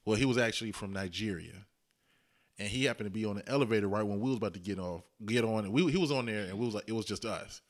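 A man's voice: on the low side, fast. A man co-hosting a casual chat, telling travel stories and acting out what people said. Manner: animated, acts out quotes with voices. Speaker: podcast co-host.

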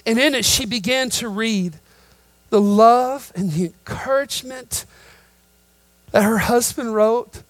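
A man preaching a sermon, telling a story that builds into loud, emphatic preaching. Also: very high voice, slow pace, no echo, poor audio. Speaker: pastor.

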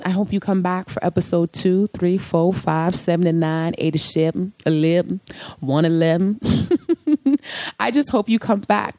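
A woman's voice: lowish voice, dry recording. A woman in her late thirties hosting a casual solo podcast, talking animatedly and dropping into sung snippets now and then. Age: late 30s. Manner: animated, breaks into singing snippets and laughs. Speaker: podcast host.

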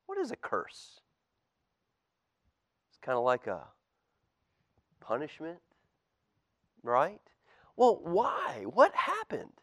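A man, a pastor, reading a storybook aloud to children in church with expressive, animated storytelling. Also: on the high side, takes it slowly, pauses often. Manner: expressive storytelling, lively swings in loudness.

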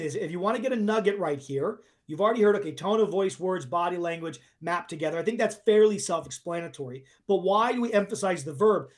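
High-voiced man explaining coaching. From United States. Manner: emphatic teacherly explaining, asks if it makes sense. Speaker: guest, performance coach. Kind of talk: explanatory podcast interview.

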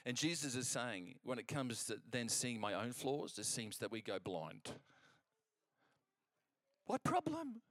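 Male preacher for a sermon, lively storyteller, chatty with restarts, mid-range voice, dry close sound. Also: mid-range voice, normal speed, hardly any pauses, dry recording. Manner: animated storytelling, acting out quoted exchanges; conversational, with frequent restarts.

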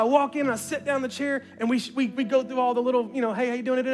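High-voiced guy preaching, acts out convos, gets loud and excited, faint music in the back. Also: fast talker, few pauses. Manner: animated, acts out dialogue with rising excitement. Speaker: pastor. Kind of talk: sermon storytelling.

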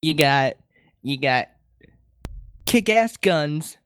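A man's voice: a little high, drawn-out words, clear, resonant tone, dry recording, clean studio sound. A man co-hosting a casual podcast, chatting loosely and laughing often. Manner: laughs often, animated delivery. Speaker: podcast co-host. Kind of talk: casual chat.

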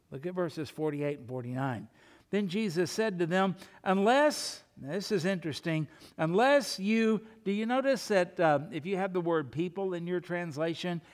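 High-voiced pastor preaching emphatically. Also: male voice, animated, moderate pace, in a large hall. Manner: emphatic preaching with rhetorical questions. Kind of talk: sermon.

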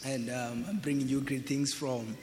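A man's voice: mid-range voice, level tone, normal speed, darkish tone, a little hiss or hum. A visiting pastor from Ghana, a man, speaking hesitantly with fillers and laughs as he addresses a church. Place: church hall. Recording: roomy church hall, crowd murmur.

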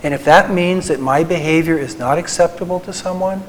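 Christian psychologist addressing a group; earnest, tender delivery, slightly higher male voice. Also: slight background noise, low-quality recording. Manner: earnest, tender, slows for emphasis. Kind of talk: faith talk to a live group.

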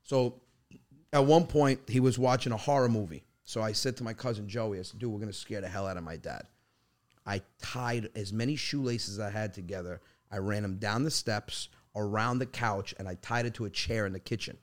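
A man telling a family story in a loose, animated way as a podcast guest. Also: fairly low pitch, moderate pace. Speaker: comedian guest. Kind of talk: casual storytelling.

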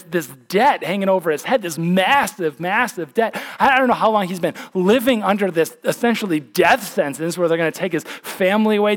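A man, a pastor, preaching a conversational, emphatic sermon, often restarting his words. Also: sits high.

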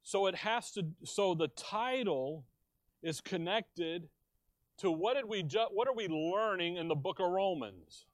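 Middle-aged guy preaching, high voice, dry close sound, slow and deliberate. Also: expressive, dry recording. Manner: slow, emphatic teaching with questions to the congregation; tells jokes with quoted voices. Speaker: pastor. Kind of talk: sermon.

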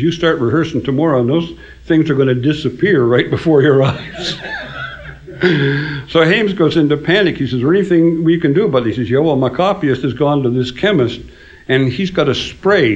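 A man's voice: a little high, lively intonation, moderate pace, a little mellow. Older man telling dry anecdotes. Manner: dry storyteller, laughs at his own punchlines. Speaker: songwriter telling stories. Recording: dull lo-fi recording.

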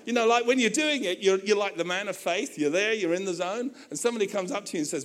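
A male pastor preaching a sermon to his church, animated and conversational, with humorous asides and acted-out quotes. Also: high voice, fast.

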